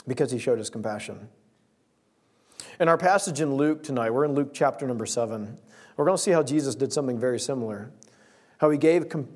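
A young man preaching, opening his sermon with a lively personal story and acting out his own lines. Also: on the high side. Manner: storytelling, animated quoting of himself.

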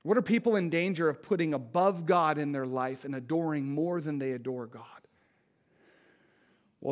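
A man preaching a sermon, impassioned and pleading, dropping to a hush and then rising loud. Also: on the high side. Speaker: pastor.

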